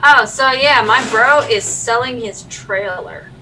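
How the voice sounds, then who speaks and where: A woman co-hosting a loose livestream chat, rambling from one topic to the next. Her tone is bright and a bit sharp. She sits back from the mic, and a faint hiss runs underneath. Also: a little high, distant mic, rough recording. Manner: chatty, rambling, quick to laugh. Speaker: stream co-host.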